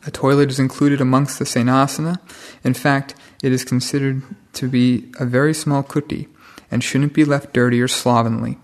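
Stern monk giving a scolding Dhamma talk. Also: male voice, mid-range voice, little pitch movement, normal speed. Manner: stern, scolding, plain-spoken. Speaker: senior monk teaching monks.

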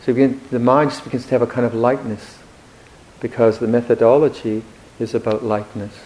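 A man giving a Buddhist dharma talk in a reflective, gently humorous way, with hesitant restarts. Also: medium pitch, little pitch movement, a little fast, a little hiss or hum, rough recording. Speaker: Buddhist monk teacher.

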